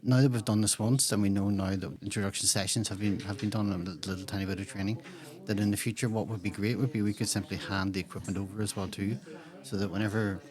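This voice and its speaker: A man's voice: fairly low pitch, fairly even intonation, quick pace, hardly any pauses, a little mellow. A man hosting a casual community podcast interview, rambling through restarts and fillers. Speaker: podcast host and digital hub coordinator. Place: community centre room. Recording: background chatter of a group.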